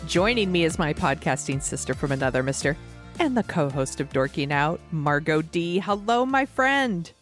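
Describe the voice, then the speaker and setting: A woman's voice: low-pitched, moderate pace, soft background music. A woman hosting a podcast in casual, joking chat, laughing often and swearing casually. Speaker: podcast host.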